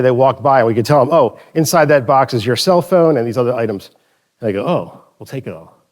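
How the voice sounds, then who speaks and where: Casual storytelling man on stage. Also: mid-range voice. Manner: casual, joking storyteller with restarts. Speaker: conference presenter. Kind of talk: conference talk with anecdotes. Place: stage in front of an audience.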